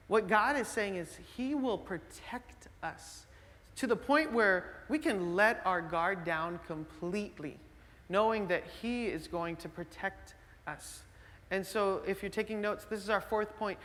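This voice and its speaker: A male pastor preaching a sermon in a conversational, animated storytelling way, full of fillers and restarts. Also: high voice, moderate pace, big-room sound. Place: church sanctuary.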